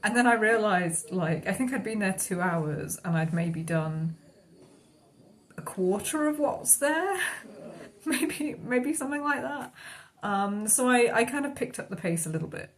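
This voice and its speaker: A woman's voice: mid-range voice, animated, measured pace. A woman narrating her own travel vlog in a casual, rambling way, often laughing. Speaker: travel vlogger.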